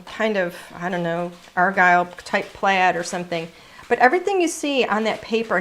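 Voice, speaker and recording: A woman at a middle pitch, chatting through a craft product showcase. She gushes over every piece and now and then trails off while searching for the right word. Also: a bit bright. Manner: gushing, chatty, searching for words.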